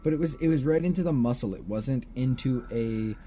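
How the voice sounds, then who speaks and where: A man's voice: mid-range voice, brisk, mellow, soft background music. Chatty male podcast host. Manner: storytelling, recounting case details with frequent fillers. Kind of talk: casual chat.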